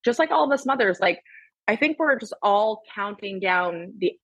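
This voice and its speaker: A woman's voice: medium pitch, expressive, moderate pace, a bit bright, dry recording, dull audio. A woman in her thirties, a podcast guest, talking bluntly and animatedly and swearing freely in casual chat.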